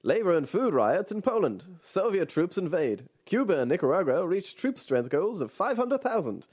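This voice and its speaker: A man's voice: high voice, very animated, moderate pace, darkish tone, slightly rough, pitched above the performer's own voice, full character voice. A man putting on an old-timey radio announcer. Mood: announcing. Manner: announcing bulletins in clipped headlines.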